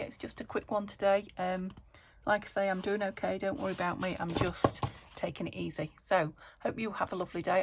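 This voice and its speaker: Uk lady crafting and chatting to her viewers, muttering to herself as she works, bit of fry in her voice, clicky noisy recording. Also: medium pitch. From United Kingdom. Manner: chatty, thinking aloud while working, soft half-whispered asides. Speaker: craft vlogger. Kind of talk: casual crafting chat to camera.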